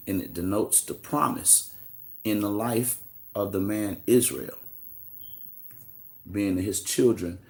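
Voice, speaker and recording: A man from the United States hosting a live stream, greeting viewers and answering their questions in a loose, slangy, conversational way. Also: low voice. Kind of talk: casual live-stream chat and teaching.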